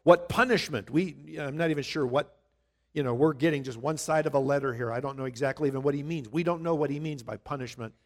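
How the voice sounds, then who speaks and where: A man preaching a sermon, reading scripture slowly and loudly, then explaining it in a conversational way. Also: fairly high pitch. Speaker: pastor.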